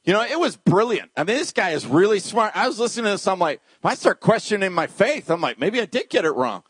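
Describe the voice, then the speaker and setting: Animated male pastor telling a story. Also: high voice, fast talker, slightly rough, no room sound. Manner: animated storyteller acting out dialogue, dropping to hushed tones. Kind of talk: sermon with storytelling.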